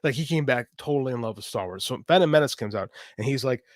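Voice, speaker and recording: A man's voice: medium pitch, fast talker, few pauses, no echo, studio quality. A man in his forties, co-hosting a podcast, telling stories with energy and swearing freely. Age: 40s. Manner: animated storytelling, swears freely. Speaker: podcast co-host. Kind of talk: casual chat.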